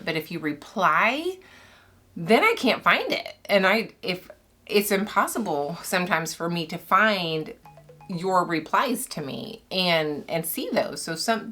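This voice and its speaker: Cutting soap as she talks, a young woman who makes soap rambles to her channel, laughing a lot and sounding slightly breathless. Her voice sits fairly low in pitch and has a bit of brightness.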